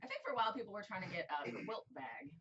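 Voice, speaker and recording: A woman's voice: mid-range voice, huge pitch swings, rapid-fire, a bit bright, recorded from a distance, dull audio, a little hiss or hum. A woman co-hosting a casual podcast, dry and contrary in her banter and laughing often. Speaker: podcast co-host.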